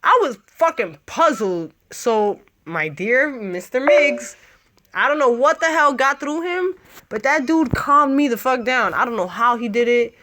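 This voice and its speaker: A woman in her thirties hosting a casual radio talk show, telling stories in an animated, profane, laughing way. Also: on the high side, unhurried. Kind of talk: casual chat, storytelling.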